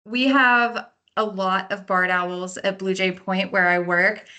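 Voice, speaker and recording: A woman's voice: mid-range voice, fairly even intonation, slow pace, sharp tone, clear, resonant tone. A woman park naturalist giving a lecture on learning birds by their sounds, explaining in a friendly way and sometimes imitating calls. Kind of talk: lecture on birding by ear.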